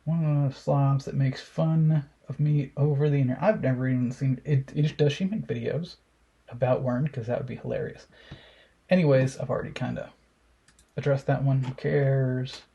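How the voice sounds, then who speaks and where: A man's voice: mid-range voice, fairly even intonation, normal speed, vocal fry, dark tone, breathy edge, lo-fi sound. A young man giving casual, profane commentary while reacting to memes, mocking and sarcastic.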